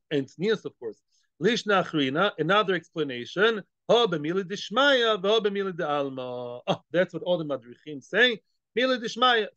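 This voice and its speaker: A man teaches a daily Talmud class in a fairly high, fairly bright voice, explaining Aramaic phrases in English while mixing in Hebrew and Yiddish terms. He asks questions and answers them himself. The recording is dull, lo-fi, and dry.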